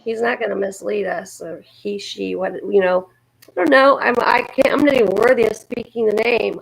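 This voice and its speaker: Woman stream co-host, gravelly, earnest, repeats for comfort. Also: mid-range voice, rough recording. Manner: earnest, encouraging, repeats herself. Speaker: livestream co-host. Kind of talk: casual supportive chat.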